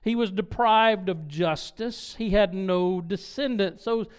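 A man's voice: high voice, slow pace, clean tone. A man preaching, retelling a scripture story with voiced dialogue and chuckling asides. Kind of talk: sermon storytelling.

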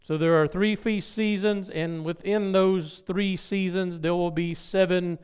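A man preaching a Bible teaching in an emphatic way, slowing down to stress key words and making asides to his listeners. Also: high-pitched, fairly even intonation, a little mellow, clear, resonant tone. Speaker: pastor teaching a Bible study. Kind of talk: sermon-style Bible teaching.

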